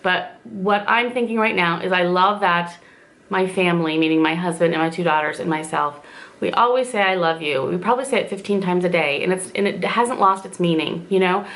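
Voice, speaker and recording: A woman's voice: fairly low pitch, brisk, a bit bright. A woman in her forties from southern Indiana with a slight southern twang, chatting casually to camera at home as she rambles through viewer questions with lots of fillers. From southern Indiana, USA. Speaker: vlogger answering viewer questions.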